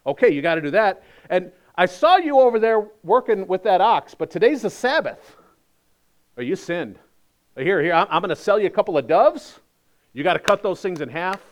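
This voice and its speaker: A man's voice: on the high side, expressive, a little fast, close to an everyday voice. A man putting on a pushy smug rule-preacher. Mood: wheedling. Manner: mock-friendly, insistent nagging.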